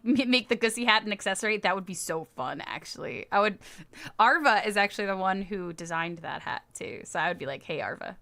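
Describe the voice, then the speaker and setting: A woman's voice: medium pitch, pushed and bright. A woman livestreamer in casual chat who giggles often and answers her viewers' comments as she goes.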